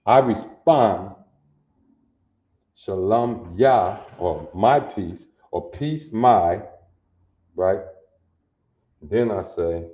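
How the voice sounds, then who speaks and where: A man gives a language lesson at an unhurried, deliberate pace, breaking phrases apart and repeating each point. His voice sits a little low. The audio is muffled and lo-fi, with a roomy echo around him. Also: expressive. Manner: slow, repetitive, checks understanding often. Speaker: language teacher. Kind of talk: classroom lesson. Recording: dull lo-fi audio in an echoey room.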